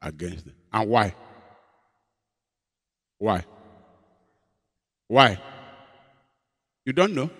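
A man, a pastor preaching a sermon in a dramatic storytelling way, moving between loud emphasis and hushed confession. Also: fairly low pitch, sing-song, extremely slow, long pauses. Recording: long hall reverb.

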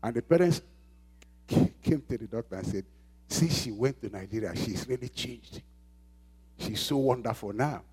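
A man's voice: mid-range voice, moderate pace, long pauses, a little mellow, slightly rough. A man preaching a sermon as pastor, emphatic and repeating phrases, calling out questions for the congregation to answer. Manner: call-and-response questions to the congregation.

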